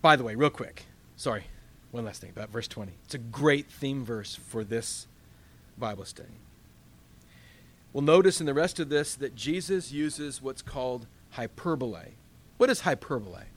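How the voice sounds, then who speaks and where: A man's voice: medium pitch, lively intonation, normal speed, fairly bright tone. A man leading a Bible study in a conversational teaching style. He asks the group questions and acts out his own inner dialogue.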